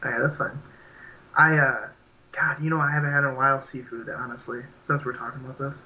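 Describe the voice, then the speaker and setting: Bright-voiced rambling young man. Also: mid-range voice, steady tone, brisk, muffled recording. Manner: rambling, laughing, heavy filler words. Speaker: podcast co-host. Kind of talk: casual chat.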